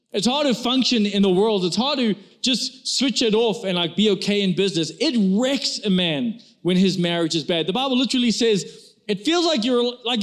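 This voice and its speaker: High-voiced male pastor preaching urgently. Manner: urgent, exhorting, speaks straight to the congregation. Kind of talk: sermon. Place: church hall with a congregation.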